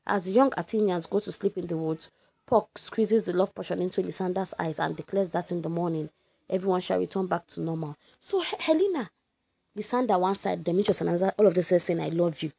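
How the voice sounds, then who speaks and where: Fairly low and gravelly with a slightly rough edge, this literature teacher's voice moves briskly. The young Nigerian-accented woman sums up a lesson informally, animated and addressing her listeners directly.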